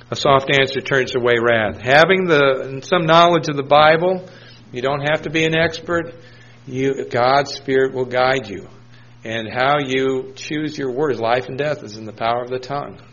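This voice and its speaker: Brief: a mid-pitched man preaching, telling stories between verses, lo-fi recording. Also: a bit bright. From New Hampshire, USA. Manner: storytelling, conversational with scripture quotes. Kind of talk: sermon.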